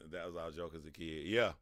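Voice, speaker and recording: A man's voice: low-pitched, moderate pace, fairly bright tone, no room sound, clean studio sound. A man hosting a casual livestream and commenting animatedly, talking back to his chat and laughing often. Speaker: livestream host.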